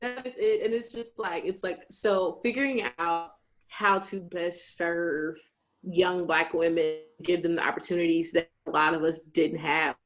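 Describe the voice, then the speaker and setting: Animated storytelling woman with a low voice. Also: measured pace. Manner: animated storyteller who acts out quoted people. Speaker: host. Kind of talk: casual chat.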